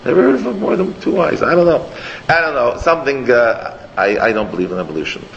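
Rabbi guy giving a torah class, rambly and excited, throws in hebrew and yiddish words, dull lo-fi recording. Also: mid-range voice, a little fast, vocal fry. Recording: long hall echo, dull lo-fi, faint noise.

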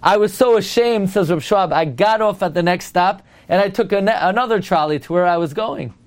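A man's voice: high voice, fairly quick. A man giving a Torah lecture who tells stories and speaks emphatically, putting rhetorical questions to his listeners and mixing Hebrew and Yiddish terms into his English. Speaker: rabbi teaching Torah.

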